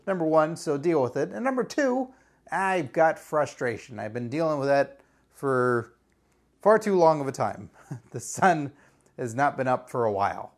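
A man's voice: fairly high pitch, sing-song, normal speed. A man hosting a podcast in a casual, rambling solo monologue, sounding frustrated and wry. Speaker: podcast host.

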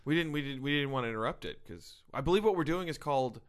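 Dry deadpan male co-host. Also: mid-range voice, fast. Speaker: podcast co-host. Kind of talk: comedic podcast banter.

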